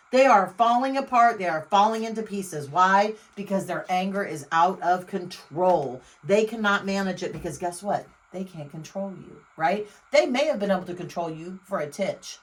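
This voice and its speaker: Lady doing a tarot reading, blunt, swears a lot, talks right at you, gets loud then soft. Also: mid-range voice, low-quality recording. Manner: blunt, emphatic, profane, talks straight to the viewer; exclamatory, quick swings in loudness. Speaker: tarot reader. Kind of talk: casual tarot reading monologue.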